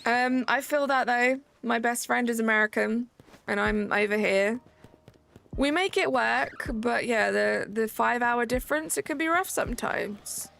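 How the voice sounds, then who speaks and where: Slightly high, a little slow and creaky, this British livestream host in her thirties chats casually while gaming and reading chat. She's relaxed and rambling, using lots of "like" fillers, with faint music playing behind her.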